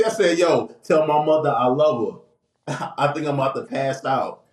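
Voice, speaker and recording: A man, casually telling a long funny story on a podcast, acting out the people he quotes. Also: normal speed. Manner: lively, acts out quoted voices with big pitch jumps. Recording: echoey room with faint noise.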